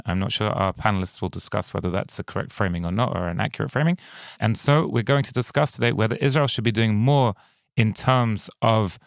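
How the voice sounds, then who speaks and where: Smooth-voiced male debate host. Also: on the low side, no room sound, studio quality. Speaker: podcast host. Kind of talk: moderating a debate podcast.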